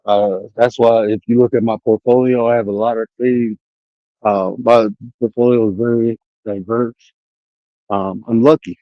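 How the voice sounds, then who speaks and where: With fairly even intonation and a moderate pace, a man's mid-range voice carries his casual livestream rant; he's a streamer and life coach. His streaming setup mic produces dry, dull audio. He profanely taunts the chat and challenges viewers to come on the call.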